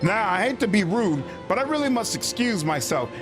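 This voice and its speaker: A man's voice: high-pitched, sing-song, a little fast, pitched above the performer's own voice. A man voicing a flustered, prim, well-bred lady who owns a robbed manor, reading game dialogue aloud. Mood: flustered polite. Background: game music.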